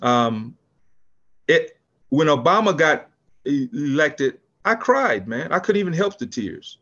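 An older man from California with a high-pitched voice tells a story in a relaxed interview. He is lively and restarts his sentences often, slipping into other people's voices as he goes. The sound is dull and lo-fi. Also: takes it slowly. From California, USA. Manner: animated storyteller, acts out quotes, frequent restarts. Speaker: podcast guest, business founder.

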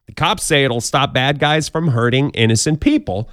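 A man's voice: medium pitch, lively intonation, moderate pace, few pauses. A man hosting a podcast, counting down odd news stories in a casual, jokey way with playful asides. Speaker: podcast host.

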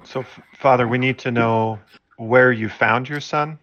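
A man's voice: medium pitch, steady tone, unhurried, a bit bright, lo-fi sound, slight background noise. A man playing a tabletop game who bluntly interrogates a character in role-play. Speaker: player.

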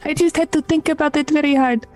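A woman's voice: sits high, fairly even intonation, quick pace, a little mellow, faint music behind. A woman player describing her character's actions in a tabletop game, in a playful way. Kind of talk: casual chat.

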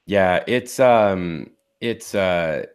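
A man in his forties co-hosting a podcast, talking casually in a rambling, halting way with many restarts. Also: low voice, clear, resonant tone. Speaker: podcast co-host. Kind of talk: casual chat.

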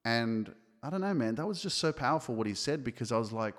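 A man's voice: mid-range voice, expressive, quick pace, few pauses, long reverb tail. A man hosting a podcast, talking casually and bluntly with lots of swearing, fillers and restarts from his home office. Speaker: podcast host. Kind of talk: casual motivational monologue.

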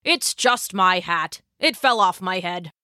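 A woman voicing a poor old male farmer, startled and wondering, in a low drawn-out murmur. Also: lively intonation, bright, forceful tone, dry recording, studio quality, full character voice. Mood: puzzled.

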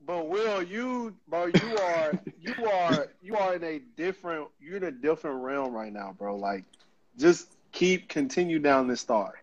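A man's voice: a little high, unhurried, muffled recording. A man in a casual faith discussion, amazed and urging his friend to go on.

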